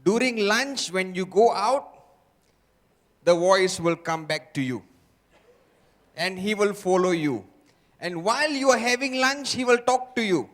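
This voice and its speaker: His voice is high, a touch bright and a little slow, with frequent pauses. This man is delivering a motivational seminar in a large hall, repeatedly firing rhetorical questions at the audience.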